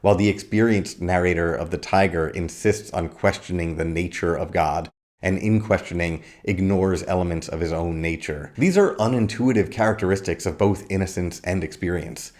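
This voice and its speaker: A man giving a scripted video lecture on poetry, measured and explanatory, reading verse lines slowly. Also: sits low, a little mellow. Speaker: literature lecturer.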